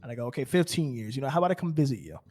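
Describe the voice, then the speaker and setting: A man's voice: mid-range voice, big pitch swings, rapid-fire, warm tone. A man roleplaying on a game server, telling an in-character story in a rambling way, full of fillers and stammered restarts. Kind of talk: in-character story, casual chat.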